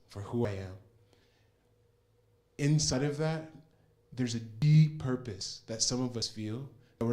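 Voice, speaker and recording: A man's voice: medium pitch, darkish tone. A young man giving a personal testimony about a spiritual program, earnest and heartfelt, often restarting his sentences.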